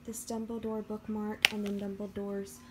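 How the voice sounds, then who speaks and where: Woman book vlogger, gushing casual chat, even pitch, noisy background. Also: normal speed. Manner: chatty, gushing. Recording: background noise.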